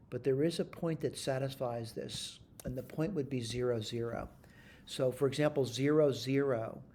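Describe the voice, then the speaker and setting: A man's voice: mid-range voice, a little mellow, a little hiss or hum. A man teaching math in a screen-recorded tutorial, talking his steps through aloud, correcting himself and checking in with "all right?". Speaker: math instructor.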